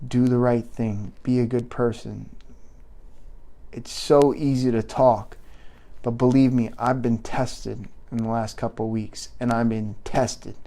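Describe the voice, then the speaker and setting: Reading chat aloud, a livestream host offers viewers an earnest pep talk in unscripted live commentary. He has a mellow, medium-pitched voice and rambles, often restarting his sentences.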